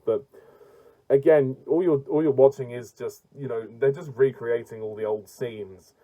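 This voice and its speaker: A man's voice: medium pitch, warm tone, highs cut off. A man reviewing a film in a casual rant, blunt and exasperated, often stumbling and restarting his sentences.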